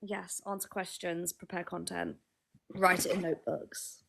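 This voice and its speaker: A woman's voice: lowish voice, level tone, a little slow, vocal fry, a bit bright, a little hiss or hum. A young woman co-hosting a live podcast stream, chatting casually and teasing her co-host. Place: indoors at a shared table.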